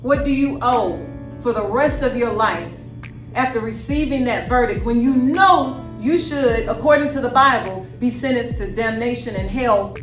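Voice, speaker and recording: A woman's voice: fairly high pitch, normal speed, faint music behind. Dramatic woman preacher, echoey room. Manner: dramatic storytelling, direct address to listener. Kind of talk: sermon. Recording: echoey room with faint noise.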